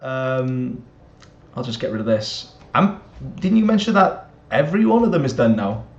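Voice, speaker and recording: A man co-hosting a casual chat, excitable, laughing often and restarting his sentences. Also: medium pitch, moderate pace. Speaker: podcast co-host. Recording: echoey dull lo-fi call audio.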